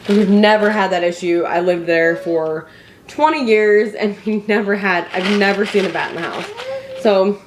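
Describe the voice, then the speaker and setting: At normal speed and in a mid-range voice, a young woman from Indiana chats to the camera in her home, telling a story. A family vlogger, she uses many fillers and restarts; the room is echoey with faint noise.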